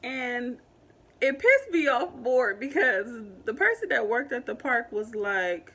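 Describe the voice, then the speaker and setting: A young woman in a casual storytime vlog, talking animatedly with many fillers and growing loud when upset. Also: a little high, sing-song, a little slow. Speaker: vlogger telling a story.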